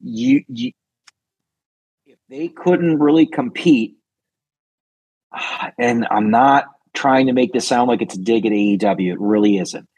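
A man's voice: mid-range voice, measured pace, a little mellow, husky, no echo, poor audio. A man co-hosting a podcast, talking casually and analytically about pro wrestling, leaning on "I mean" fillers. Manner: laid-back, analytical, many "I mean" fillers. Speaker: podcast co-host.

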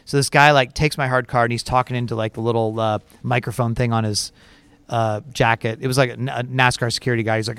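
A man co-hosts a podcast and spins a casual story, chatty and animated, with many fillers along the way. His voice is smooth and clear, sitting in a middle pitch. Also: fast talker, no room sound. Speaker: podcast co-host.

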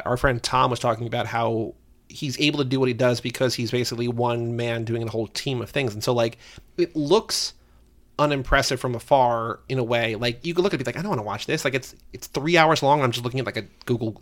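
A man's voice: mid-range voice, quick pace. A man co-hosting a podcast in casual chat, enthusiastic and full of "like" fillers. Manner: enthusiastic, leans heavily on "like". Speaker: podcast co-host.

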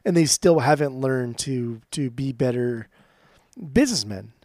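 A man co-hosting a podcast in casual, profane chat, animated and laughing often. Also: medium pitch, a little slow, dry recording, clean studio sound. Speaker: podcast co-host.

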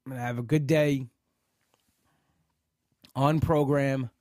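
A man's voice: mid-range voice, steady tone, slow, darkish tone, no echo, studio quality. A man hosting a live podcast, talking in a frustrated, rambling way and often repeating himself. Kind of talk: emotional live talk.

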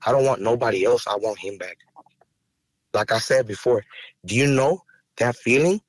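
A man's voice: mid-range voice, moderate pace, slightly rough, no echo. Podcast guest: man, heated and profane, dry close studio sound. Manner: raw, angry, profane, rising to heated outbursts. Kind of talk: emotional interview talk.

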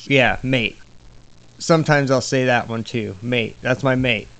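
A man with a smooth, resonant voice at an ordinary pitch, chatting loosely on a podcast. He hedges and searches for words, with plenty of "like" and "you know.". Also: unhurried, a bit bright, rough recording. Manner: hesitant, feeling his way with many fillers. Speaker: podcast host. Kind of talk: casual podcast chat.

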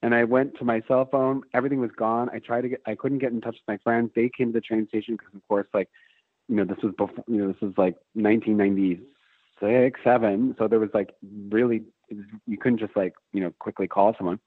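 A man's voice: fairly low pitch, fairly even intonation, a little fast, dry recording. A man telling a long story in casual chat, swearing freely and rambling with fillers and restarts. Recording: phone-like narrow band.

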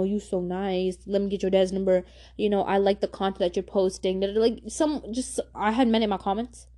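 A woman's voice: mid-range voice, dark tone. A young woman hosting a podcast, giving casual advice in a slangy, emphatic way and repeating points for stress. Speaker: podcast host.

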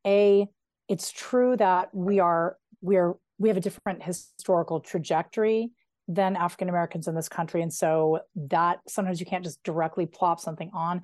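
A woman in her forties, an author being interviewed, talking in an animated, chatty way with playful asides. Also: on the low side, no room sound, studio quality. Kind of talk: conversational interview.

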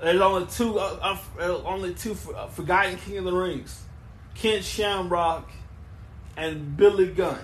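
A man hosting a wrestling podcast on his own, recapping matches and plugging shows in an excitable, rambling way. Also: high voice, unhurried, roomy sound, slight background noise. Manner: excitable, rambling, with restarts and emphatic bursts. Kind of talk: solo podcast recap and show plugs.

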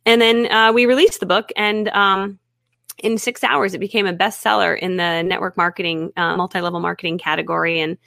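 A woman guest telling her own story in a lively way, often acting out what people said to her. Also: on the low side, fairly quick, creaky, dry recording, clean studio sound. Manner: lively, acts out her own and others' remarks. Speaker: guest, author and network marketer. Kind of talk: animated storytelling in conversation.

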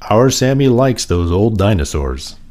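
A man reading aloud and voicing a brisk, kindly grandmother. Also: lowish voice, sing-song, a little mellow.

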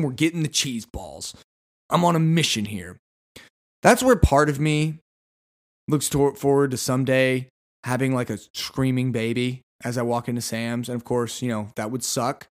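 A podcast host, a man, ranting sarcastically in a casual solo talk and acting out mock conversations. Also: medium pitch. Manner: animated, sarcastic, acts out mock dialogues.

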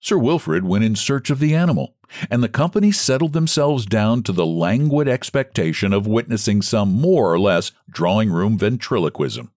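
A man narrating a story in a measured, expressive audiobook style. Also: on the low side, dry recording, studio quality.

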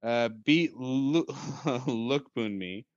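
A man's voice: medium pitch, extremely slow, no echo, muffled recording. A man co-hosting a casual sports podcast, rambling and joking, often hedging with "I don't know.". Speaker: podcast co-host.

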